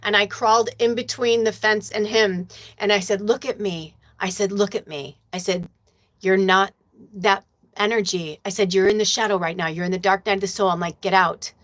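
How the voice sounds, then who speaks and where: A woman's voice: medium pitch, level tone, moderate pace, fairly bright tone. Emotional, blunt woman medium. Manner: emotional, profane storytelling; reads viewer comments aloud. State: tearful at times. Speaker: spiritual medium, livestream host. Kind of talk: casual livestream chat.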